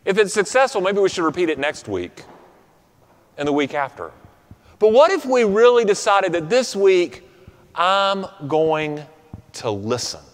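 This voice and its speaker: A man preaching a sermon in an earnest tone, often dropping to a soft, quiet close on key words. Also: high-pitched, big pitch swings, unhurried. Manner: earnest, drops to soft quiet endings for emphasis. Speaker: pastor. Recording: reverberant hall.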